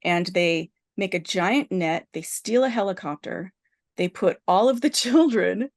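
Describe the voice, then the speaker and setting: A woman's voice: on the low side, measured pace. A woman podcast host in casual chat, animatedly retelling a horror film's plot with lots of "like" and restarts. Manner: animated storyteller, heavy use of "like" and restarts.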